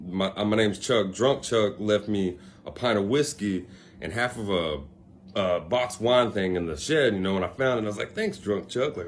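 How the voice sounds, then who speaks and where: A young man with a fairly low voice tells a personal story to the camera in a casual, laid-back way. He rambles, piling on fillers and asides, and there's slight noise in the background.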